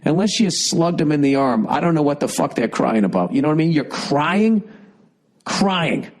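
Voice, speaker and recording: A man's voice: on the high side, expressive, fast talker, darkish tone, poor audio. A man hosting a podcast, reading a listener email and giving blunt, profane advice in a rambling comedic rant with a Boston accent, while fighting a cough.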